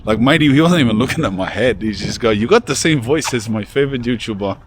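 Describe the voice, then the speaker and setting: A man's voice: medium pitch, expressive, fast talker. A man vlogging casually outdoors in a cold town, chatting in slang and calling people bro. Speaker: YouTuber and rapper. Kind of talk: casual travel vlog talk. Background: street and traffic sounds.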